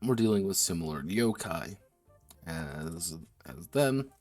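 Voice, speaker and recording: A man's voice: deep voice, very animated, slow pace, darkish tone, soft background music. A man streaming while designing a tabletop game, thinking aloud with restarts and self-corrections, a little slurred from drinking. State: tipsy from drinking.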